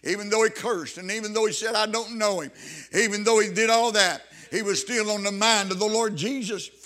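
Man, preacher, fervent sermon, high bright voice, repeats himself, hallelujahs. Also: fairly even intonation, a little fast.

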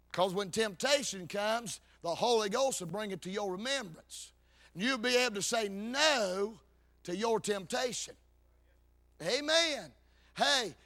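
Man, preacher, high pitched, bright ringing tone, fervent half-sung sermon.

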